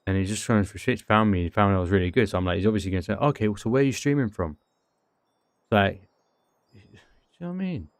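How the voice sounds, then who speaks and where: A young British man chatting casually on a livestream, in slangy, lively speech. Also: sits low, fast talker, clean tone, no echo. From United Kingdom.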